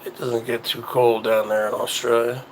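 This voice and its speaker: A man hosting his own show, chatting casually in a rambling, halting way that often repeats itself. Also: medium pitch, flat delivery, slight background noise, rough recording. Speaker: show host. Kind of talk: casual livestream chat.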